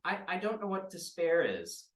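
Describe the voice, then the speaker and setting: A man's voice: sits high, big pitch swings, moderate pace, a bit bright, voice pushed up. A man voicing a small, innocent female adventurer who asks naive, hesitant questions, heard in a roomy space from a distant mic.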